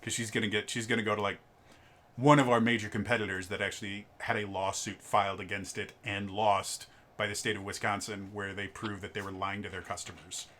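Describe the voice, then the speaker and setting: A man in his twenties telling an animated, casual story about his old retail job. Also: fairly low pitch, brisk. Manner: animated, lively storytelling with restarts. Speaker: storyteller, former retail tech manager. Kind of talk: casual anecdote.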